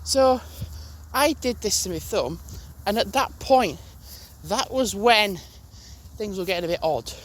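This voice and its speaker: A man's voice: sits high, expressive, a little slow, pauses often, fairly bright tone. A young man, casually telling a story to camera, rambling, restarting and swearing as he goes. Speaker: gaming channel host.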